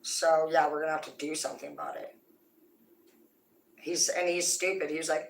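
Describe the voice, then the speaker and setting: A woman's voice: low-pitched, very animated, normal speed, long pauses. Profane ranting woman, far off in a roomy space. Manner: profane, confrontational, rambling. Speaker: livestreamer. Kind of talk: live-stream rant to viewers. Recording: roomy sound, distant from mic.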